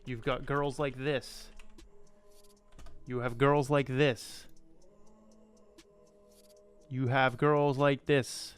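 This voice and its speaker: A man's voice: mid-range voice, level tone, extremely slow, long pauses, clear, resonant tone, soft background music. A man hosting a crypto channel, talking casually and emphatically, rambling and repeating himself, blunt and swearing freely. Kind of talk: casual commentary to camera.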